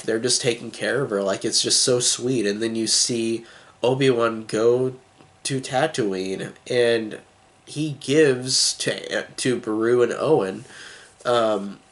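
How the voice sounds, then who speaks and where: A man talks through a film review in a loose, excited way. He trips over his words and restarts often. His voice sits at an everyday middle pitch. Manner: enthusiastic, rambling, heavy with fillers and restarts. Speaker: movie reviewer. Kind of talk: casual spoken movie review.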